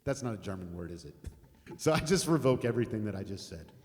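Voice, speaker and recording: A man's voice: lowish voice, very animated, quick pace. An older American man chatting casually with viewers on a live music stream, rambling and laughing, with some swearing. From United States. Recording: long reverb, guitar music behind.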